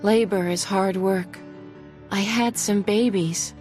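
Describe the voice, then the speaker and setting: A woman voicing a tired, tender teenage girl with wings who has just become a mother, speaking softly and intimately. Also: medium pitch, steady tone, slow pace, faint music behind, natural voice. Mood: weary.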